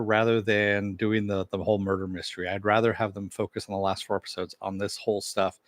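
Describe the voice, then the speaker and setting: A man's voice: on the low side, dry recording. A man giving a casual spoken recap and review of a TV episode, in a loose, conversational way, with frequent filler phrases and offhand swearing.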